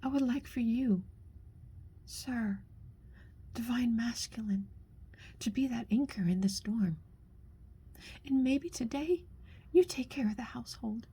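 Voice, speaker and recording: A woman's voice: fairly high pitch, warm tone, breathy edge. A middle-aged woman speaking an earnest, heartfelt monologue that often drops to a half-whisper as she pleads. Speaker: speaker sharing a personal message.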